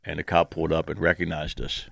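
A laid-back male radio host with a very low, gravelly voice. He cracks jokes in easy morning banter, and the studio sound is dry and close. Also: monotone, quick pace, fairly bright tone, dry recording.

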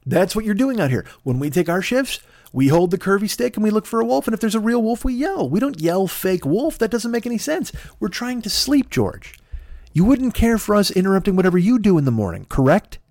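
A man voicing a groggy, exasperated shepherd family that explains things slowly and patronizingly. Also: high voice, very animated, a little mellow, dry recording, studio quality, voice pushed up.

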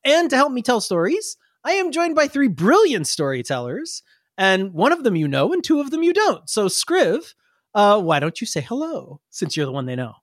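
A man's voice: high-pitched, huge pitch swings, normal speed, no room sound, clean studio sound. A man hosting a tabletop storytelling podcast as game master, upbeat and enthusiastic, with a bouncy delivery. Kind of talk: tabletop podcast hosting and scripted fantasy narration.

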